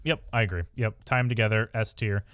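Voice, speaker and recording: A man's voice: lowish voice, steady tone, fast, a bit bright, clean tone, dry recording, studio quality. A man co-hosting a podcast in casual, rambling chat, laughing and acting out quotes. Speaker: podcast co-host.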